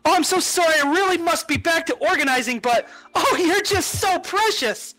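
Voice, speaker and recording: A man doing a gushing high-pitched festival coordinator. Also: expressive, normal speed, fairly bright tone. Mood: fluttery. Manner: gushing, squealing, fawning. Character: giddy excitable female festival coordinator.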